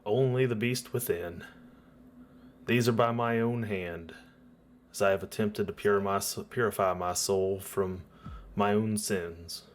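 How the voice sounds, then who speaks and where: A man's voice: fairly low pitch, fairly even intonation, slight background noise, natural voice. A man voicing a devout, self-punishing village priest who speaks hesitantly, with many restarts. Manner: hesitant, halting speech full of restarts.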